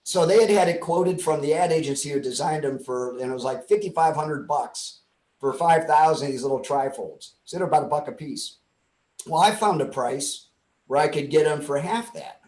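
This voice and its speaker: A man's voice: a little high, normal speed, roomy sound, rough recording. A man guest telling a long funny anecdote in casual chat, acting out the dialogue as he goes. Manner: lively anecdotal, acts out dialogue. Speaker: interview guest. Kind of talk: casual storytelling.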